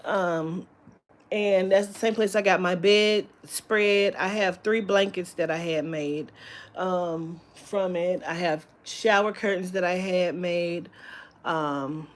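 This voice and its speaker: Slow-talking woman in a candid live chat. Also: lowish voice, fairly even intonation. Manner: rambling, candid, swears freely, many fillers. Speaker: live-stream host. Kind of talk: casual live-stream chat. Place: at home.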